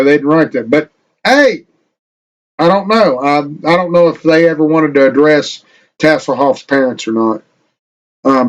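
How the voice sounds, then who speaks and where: A man's voice: fairly high pitch, rough recording. A man streaming a casual lore talk on a tabletop game, rambling and often asking "okay?" as he reads passages aloud.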